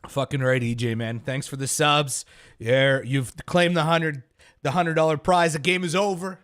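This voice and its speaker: A man co-hosting a podcast, loud and laughing, swearing through casual banter. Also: on the high side, fairly even intonation, normal speed, no room sound, studio quality. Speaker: podcast co-host.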